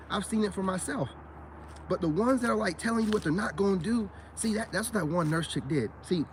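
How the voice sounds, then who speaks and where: Hosting a livestream, a man rants casually and profanely, greeting chat viewers by name and repeating "you know what I'm saying" in an animated way. His voice sits on the high side, with a little hiss or hum in the audio.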